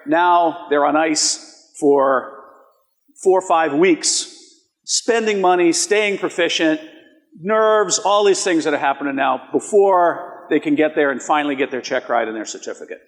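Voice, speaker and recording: A man's voice: on the high side, measured pace. A man giving a conference presentation, walking an audience through live polls in a conversational way and often asking them rhetorical questions. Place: conference hall. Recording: long reverb of a large hall.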